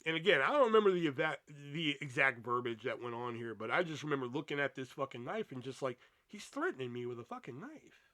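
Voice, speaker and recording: A man's voice: mid-range voice, fast, no echo. A young man hosting a podcast, telling a rambling story with a lot of swearing. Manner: profane, rambling, animated storytelling. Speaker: podcast host. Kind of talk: casual storytelling monologue.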